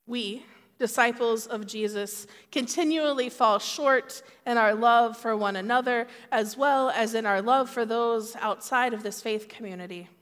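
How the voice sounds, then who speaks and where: A woman preaching a sermon in a measured, earnest way. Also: fairly high pitch, fairly bright tone, long reverb tail.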